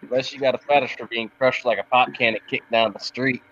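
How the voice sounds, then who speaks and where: A man's voice: mid-range voice, fairly even intonation, brisk, fairly bright tone, dry recording. A man in casual podcast chat, swearing a lot and laughing along with his own stories. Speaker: podcast co-host. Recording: dull, dry lo-fi sound.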